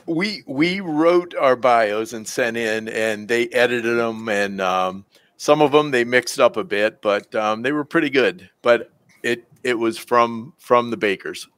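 Male podcast guest, a hesitant, halting talker with a mid voice, recorded dry. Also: medium pitch, fairly bright tone, no echo. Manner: halting, with hesitant ums and restarts. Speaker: podcast guest, former baking show contestant. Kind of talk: casual chat.

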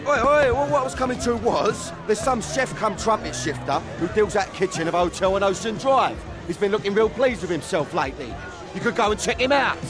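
A boastful English music-business hustler in a game cutscene, all slang and swagger. His voice sits high and leaps about in pitch, while loud music plays behind him. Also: expressive, brisk, a crowd in the background. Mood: chatty. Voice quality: slangy, cocky, chattering. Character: boastful shifty English music manager, man. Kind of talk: video game cutscene acting.

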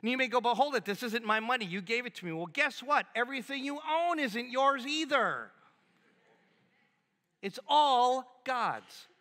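High bright-voiced male pastor preaching. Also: moderate pace. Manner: animated, conversational preaching with acted-out quotes. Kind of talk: sermon. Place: church sanctuary. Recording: long hall reverb in a church.

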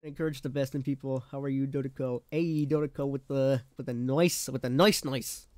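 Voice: medium pitch, steady tone, fairly quick, darkish tone, no echo. A live streamer chatting casually with chat, laughing often and talking in playful slang.

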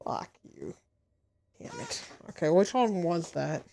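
A woman's voice: lowish voice, huge pitch swings, slow, gravelly, mellow, slight background noise. A young woman giving gameplay commentary, exasperated and swearing at the screen. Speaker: gaming video creator. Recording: voice over game audio with music. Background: game music.

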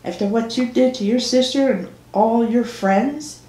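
Give me a sharp-tongued cashier woman in her thirties, as a woman reader voices her, in a roomy space. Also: mid-range voice, moderate pace, natural voice. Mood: tart. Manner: teasing, then sharp and scolding. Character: tart small-town woman cashier, late thirties. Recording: roomy echo.

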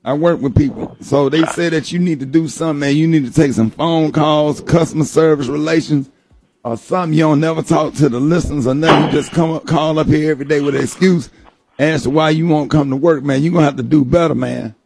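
A man's voice: a little high, steady tone, quick pace, creaky, a little mellow, soft background music. A man hosting a morning radio comedy show, taking calls and playing the straight man. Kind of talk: comic radio banter. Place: radio studio.

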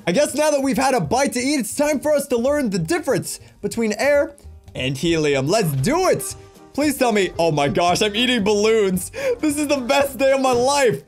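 A young man commentates on a game with excitable, joking energy, chatting straight to his viewers. His voice sits high and leaps up and down constantly. Light music plays faintly underneath. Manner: excitable, jokey, addresses viewers as guys. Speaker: gaming YouTuber. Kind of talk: energetic let's-play commentary.

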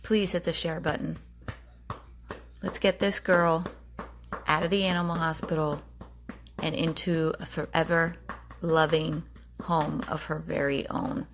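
Slow, earnest woman pleading for viewers. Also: low voice, little pitch movement, slight background noise. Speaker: dog rescue volunteer. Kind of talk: appeal to viewers in a home video.

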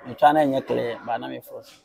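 A man in his thirties from Ghana, a teacher answering interview questions in a calm, reflective way, mixing local language with English. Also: mid-range voice, fast, creaky, rough recording. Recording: crowd noise behind.

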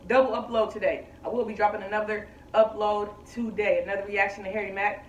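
A man's voice: sits high, level tone, quick pace. Man, casual reaction host, slang-heavy, echoey room, light background hiss. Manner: laid-back slangy, hypes up viewers. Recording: roomy echo, distant from mic.

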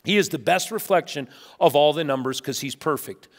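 A middle-aged man preaches in a church sanctuary, his voice sitting high for a man. He tells stories with lively energy and slips into the voices of the people he quotes. The sound carries a long hall reverb. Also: brisk. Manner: animated storytelling, acts out quotes. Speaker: pastor. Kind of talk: sermon.

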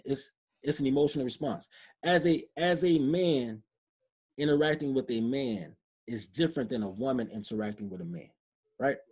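Blunt, husky-voiced man. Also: mid-range voice, warm tone. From Chicago. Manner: blunt, emphatic, street-casual. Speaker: podcast guest. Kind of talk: opinionated interview talk.

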